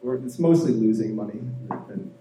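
Halting, rambling man as podcast guest. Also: on the low side, animated, warm tone, echoey room, a little hiss or hum, low-quality recording. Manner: rambling, halting, self-deprecating. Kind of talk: casual chat.

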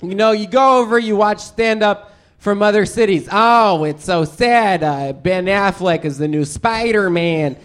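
A blustery old-timer stand-up comic, played by a man, with a voice pitched on the high side. He rambles and brags about his hometown in crude, swaggering bursts. It plays as live character comedy on a stage. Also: a little slow, fairly bright tone, clean tone. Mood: boastful. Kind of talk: improvised character comedy interview.

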